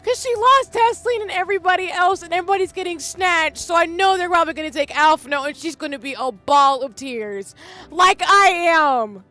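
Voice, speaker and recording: A woman's voice: extremely high pitch, a little fast, few pauses, bright, forceful tone, soft background music. A woman streaming a game and chatting casually, emotional and gushing, breaking into tears. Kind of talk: casual live-stream commentary.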